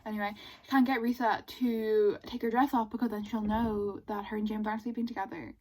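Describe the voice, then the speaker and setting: A woman chatting casually in a book vlog, excitable and gushing, with exasperated asides. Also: mid-range voice, brisk, low-quality recording. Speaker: book vlogger.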